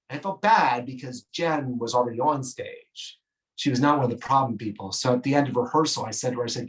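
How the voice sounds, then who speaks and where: Man telling a lively stage story. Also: fast, far from the mic, poor audio. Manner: animated, gushing, with sudden high swoops. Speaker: solo performer. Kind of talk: theatrical storytelling monologue. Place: theatre stage.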